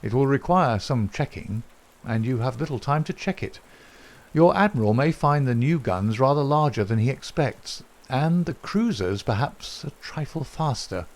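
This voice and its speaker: A composed gentleman detective speaks with measured courtesy and dry irony, as a male reader brings him to life. He delivers each line slowly and evenly, never raising his voice. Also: medium pitch, animated, pitched above the performer's own voice, lightly acted. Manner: measured, courteous and dryly ironic. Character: calm wry gentleman detective, male, middle-aged.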